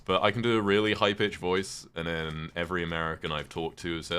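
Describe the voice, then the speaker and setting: A man with a very deep voice chats his way through a live game stream. He answers viewers' questions casually and swears now and then. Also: flat delivery, quick pace, fairly bright tone, clear, resonant tone. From United Kingdom. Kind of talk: casual live-stream chat while gaming.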